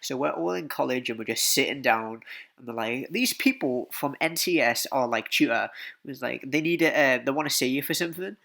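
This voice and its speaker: A young man tells a story in a loose, rambling way, packed with swearing and fillers. His voice is bright and of middling pitch. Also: fairly quick, creaky. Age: young adult. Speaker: vlogger. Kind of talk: casual storytelling.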